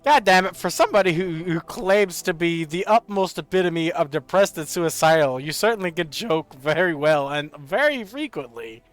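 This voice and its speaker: A man streaming a video game, joking and reacting excitably in casual commentary. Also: a little high, moderate pace, hardly any pauses, soft background music. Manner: excitable, joking, laughs often.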